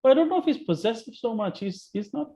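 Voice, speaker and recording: A man leading a casual book-club discussion, emphatic and animated, often restarting his sentences. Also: very high-pitched, a little fast. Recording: muffled online call audio.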